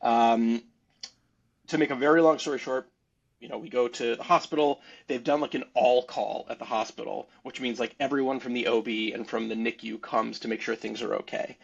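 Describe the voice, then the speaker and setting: Husky man telling a wild story. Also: mid-range voice, moderate pace. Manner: animated, rambling, laughing between lines. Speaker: podcast guest. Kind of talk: casual storytelling. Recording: dull lo-fi sound.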